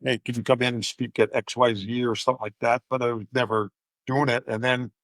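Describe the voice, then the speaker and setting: A man's voice: mid-range voice, level tone, brisk, a bit bright, no echo. An older man, a podcast guest and coach, telling anecdotes in a casual interview and acting out the voices of people he quotes.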